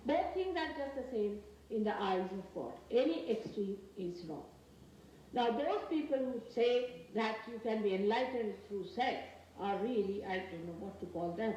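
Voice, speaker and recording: A woman from India with an Indian English accent giving a spiritual lecture, earnest and emphatic, speaking in slow, halting phrases. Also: mid-range voice, animated, a little mellow, highs cut off. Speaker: spiritual teacher. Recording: very echoey archival talk from a distance with faint noise.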